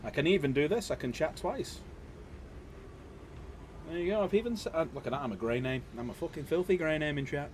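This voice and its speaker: Male streamer host, higher-pitched voice, jokey, faint noise behind. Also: lively intonation, a little fast, long pauses. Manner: jokey, loud greetings, laughs often. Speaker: livestream host. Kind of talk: casual livestream chat.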